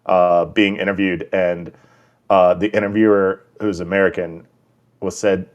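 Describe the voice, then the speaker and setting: A man's voice: sits low, little pitch movement. A man co-hosting a podcast, chatting casually and often restarting his sentences. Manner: halting, restarts often while telling stories. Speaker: podcast co-host.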